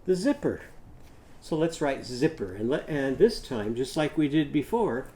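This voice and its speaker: A man teaching a children's literacy lesson, patiently sounding out words slowly while he draws. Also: mid-range voice, darkish tone, slight background noise.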